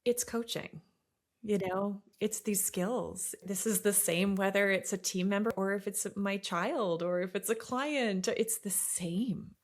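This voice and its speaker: A woman's voice: medium pitch, unhurried. A middle-aged woman hosting a podcast, talking earnestly and reflectively, sometimes dropping to a near-whisper for emphasis and laughing easily. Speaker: podcast host and academy leader.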